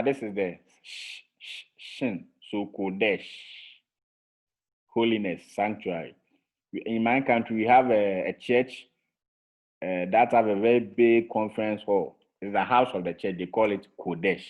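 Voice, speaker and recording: A man's voice: fairly low pitch, unhurried, a little mellow. A man teaching a Hebrew vocabulary lesson to a class over a video call, patiently repeating each word for drilling. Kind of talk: online language lesson. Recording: tinny phone-like call audio.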